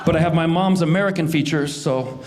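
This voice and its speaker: A man's voice: fairly high pitch, fairly quick. A male stand-up comedian telling self-mocking stories on stage to a live audience. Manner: animated, self-mocking, storytelling. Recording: live room with audience laughter and noise.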